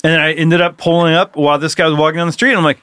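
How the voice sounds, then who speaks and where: Male podcast co-host, rambling storyteller, slightly high voice, dry sound. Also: flat delivery, racing, fairly bright tone, clear, resonant tone, no echo. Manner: rambling storyteller, swears freely. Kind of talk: casual chat.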